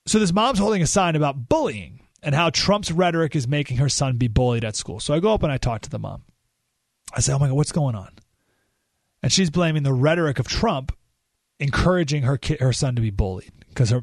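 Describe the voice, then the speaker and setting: A man hosting a talk radio show, telling a story in an animated way and jumping his voice up when he acts out what people said. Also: medium pitch, brisk, no room sound, clean studio sound.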